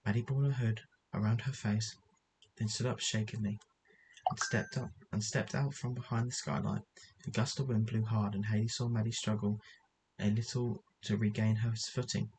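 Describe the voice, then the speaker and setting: A man's voice: lowish voice, fairly even intonation, moderate pace, a little mellow, slight background noise, rough recording. A man reading a story aloud as narrator, often stumbling and correcting himself as he goes. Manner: reads with frequent stumbles and self-corrections.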